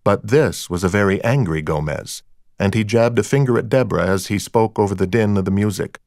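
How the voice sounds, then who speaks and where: A man's voice: on the low side, brisk, darkish tone, no room sound. A man narrating a first-person crime story in a dry, wry storytelling manner. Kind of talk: audiobook narration of a crime novel.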